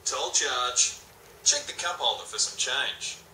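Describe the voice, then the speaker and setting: A man imitating a calm male satellite navigation voice, giving flat, instructive announcements, recorded in a roomy space. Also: medium pitch, slow, crowd noise, voice pushed down. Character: calm male sat-nav voice. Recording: roomy, distant mic.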